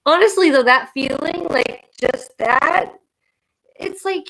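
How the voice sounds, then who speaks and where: Woman stream co-host, gravelly, earnest, repeats for comfort. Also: high-pitched, takes it slowly, fairly bright tone, low-quality recording. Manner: earnest, encouraging, repeats herself. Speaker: livestream co-host. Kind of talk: casual supportive chat.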